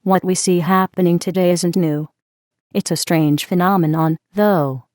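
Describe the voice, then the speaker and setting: A woman reading the part of a calm man in a discussion, who speaks in a measured way. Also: lowish voice, dry recording, clean studio sound, close to an everyday voice. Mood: reflective.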